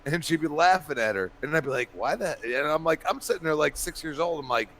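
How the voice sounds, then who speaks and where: A man's voice: fairly high pitch, quick pace, slight background noise. A man co-hosting a casual podcast chat, telling rambling family stories with many restarts. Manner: rambling animated storyteller, many restarts and laughs. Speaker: podcast co-host.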